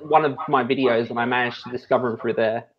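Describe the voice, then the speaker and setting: A man's voice: mid-range voice, fairly even intonation, fast. An Australian man co-hosting a casual podcast, giving brief, offhand replies. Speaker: podcast co-host. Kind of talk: casual chat. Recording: dull lo-fi sound.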